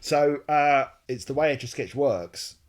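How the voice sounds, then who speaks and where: Male co-host, mid-pitched, loose rambling delivery with jokes and self-corrections. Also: animated, a little slow. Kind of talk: casual chat.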